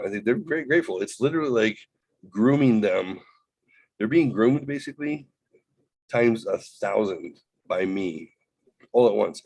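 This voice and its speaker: A man hosting a podcast, telling a rambling, profane, animated story in casual chat. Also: low-pitched, dry recording, rough recording. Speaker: podcast host.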